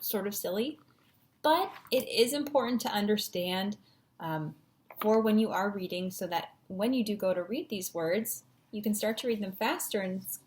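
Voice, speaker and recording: A woman's voice: mid-range voice, normal speed, a little hiss or hum. A woman teacher giving a patient, encouraging phonics lesson at a whiteboard, sounding out syllables.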